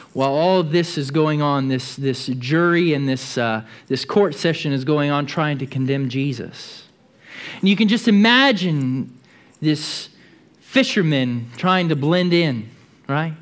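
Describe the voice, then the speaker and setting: A man preaching a sermon in a church, telling the story vividly and often repeating words as he goes. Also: on the high side.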